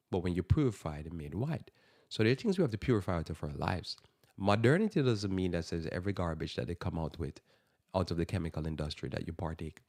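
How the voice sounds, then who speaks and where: Deep-voiced man preaching on radio. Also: darkish tone. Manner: emphatic, repeats phrases for stress. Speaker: radio talk show host. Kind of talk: preaching Bible talk.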